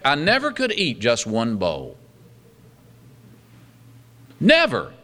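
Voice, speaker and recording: Animated, bright-voiced male preacher. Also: slow pace. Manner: animated preaching with wide swings in pitch and loudness; reads scripture aloud and adds humorous asides. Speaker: pastor. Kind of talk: sermon.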